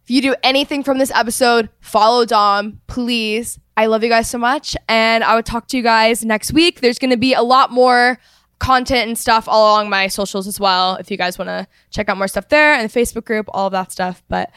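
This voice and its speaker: A young woman hosts a casual podcast chat in a smooth, fairly high voice. She gushes warmly and leans on "like" as she talks. The sound is dry and close. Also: fairly quick, dry recording. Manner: gushing, effusive, many "like" fillers. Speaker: podcast host.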